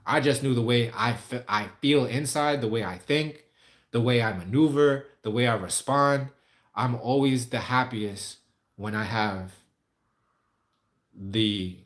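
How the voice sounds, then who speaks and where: A man's voice: mid-range voice, a bit bright. Casting: man streamer, casual and candid, rambling answers to viewers. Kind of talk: casual livestream chat.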